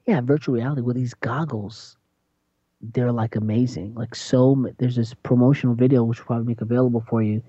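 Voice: medium pitch, fairly even intonation, a little fast, warm tone, dry recording, muffled recording. A radio host in a casual, chatty monologue who tells stories and acts out quotes in a raised voice.

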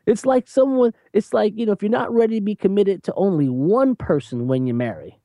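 An animated preacher who talks emphatically in conversation, laughing between points and slowing down to stress key phrases. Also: mid-range voice, dry recording, studio quality. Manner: lively, emphatic, repeats "you know what I'm saying".

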